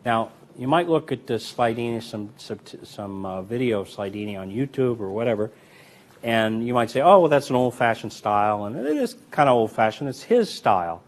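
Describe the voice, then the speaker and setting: A man teaching card magic in a relaxed, chatty way, full of fillers and restarts while he demonstrates. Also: medium pitch, normal speed. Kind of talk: demonstrating and explaining card technique.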